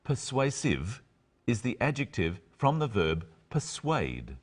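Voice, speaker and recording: A man presenting an English lesson in a clear, careful scripted way, slowing down over the examples. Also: medium pitch, sing-song. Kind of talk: scripted teaching narration.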